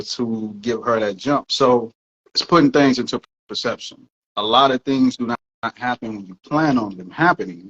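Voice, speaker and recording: A man muses out loud to his co-host. His voice sits in an ordinary middle range, and he keeps checking that his listener is following along. The recording sounds dull and lo-fi, like a cheap mic. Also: medium pitch. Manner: thoughtful, checks in with "you know what I'm saying". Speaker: podcast co-host. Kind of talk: casual reflective talk.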